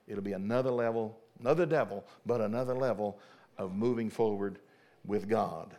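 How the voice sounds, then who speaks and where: A man's voice: fairly low pitch, moderate pace, mellow. A middle-aged man, a pastor preaching a sermon fervently, often repeating and restarting his words.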